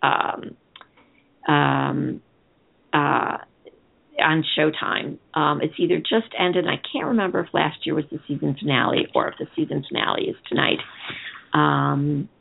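Female talk-show co-host, low gravelly voice, chatty and rambling, heard over a phone line. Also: unhurried. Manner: chatty, rambling, reads listener comments aloud. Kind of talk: casual chat. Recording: tinny phone-line sound.

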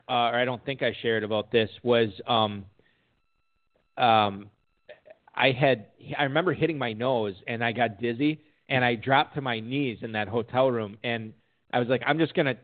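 A man hosting a podcast, telling stories in casual chat and laughing often. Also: medium pitch. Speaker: podcast host. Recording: tinny phone-like audio.

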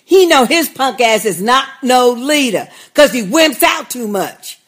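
A woman's voice: a little high, animated, a little slow, soft background music. A woman co-hosting a TV recap podcast, ranting fiercely with profanity and bursts of laughter. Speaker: podcast co-host. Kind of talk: casual TV recap chat.

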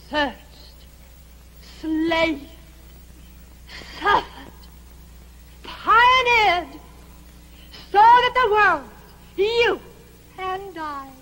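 A woman's voice: extremely high pitch, sharp tone, exaggerated voice, rough recording. An actress playing a theatrical female movie star diva, talking in a grandiose, breathless, melodramatic gush in the style of 1940s film musicals.

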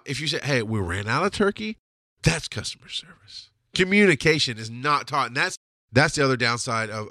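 A man's voice: medium pitch, sharp tone, no room sound, clean studio sound. A man hosting a podcast, delivering a blunt, heated, profane solo rant. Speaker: podcast host. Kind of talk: ranting solo monologue.

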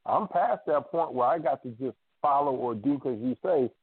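A man's voice: medium pitch, moderate pace, husky, dry recording. Storytelling man on a tinny phone line. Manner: animated storyteller acting out family quotes. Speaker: radio show co-host. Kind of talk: casual storytelling chat. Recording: dry phone-line audio.

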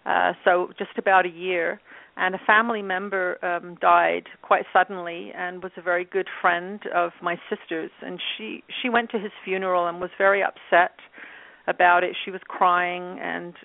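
A woman in her fifties from England, a guest telling her story in a relaxed interview with many fillers. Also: lowish voice, moderate pace, creaky, no echo. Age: 50s. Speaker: guest, channel and author. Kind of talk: casual interview talk. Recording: tinny phone line.

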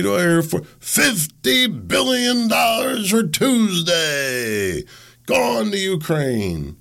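A man's voice: on the high side, gravelly, a bit bright, voice pushed up, heavily acted. A man voicing a male auctioneer who rattles off mocking bid calls. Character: fast-calling male auctioneer selling off war aid.

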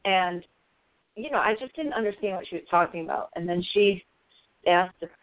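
A woman guest on a radio show, telling a personal story in an earnest, halting way with many fillers. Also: on the low side, no echo. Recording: thin phone line, dry.

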